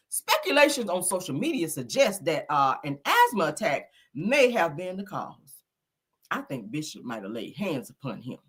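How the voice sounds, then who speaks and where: A man hosting a gossip commentary show, talking with dramatic exclamations and animated reactions. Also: a little high, slightly rough.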